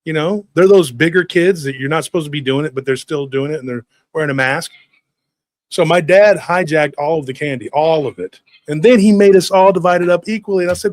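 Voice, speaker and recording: A man in his forties hosts a podcast and tells a long, funny childhood story, slipping into the voices of the people in it. His voice sits fairly high for a man, he swears casually, and he drops "dude" constantly. The sound is dry and close, with no room around it. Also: brisk, dry recording. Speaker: podcast host. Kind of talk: animated storytelling.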